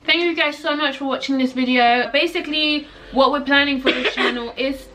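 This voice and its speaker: Young woman co-host, somewhat high voice, whiny and giggly. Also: steady tone, fairly quick, sharp tone. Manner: complaining, laughing, sign-off to viewers. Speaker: channel co-host. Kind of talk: casual chat.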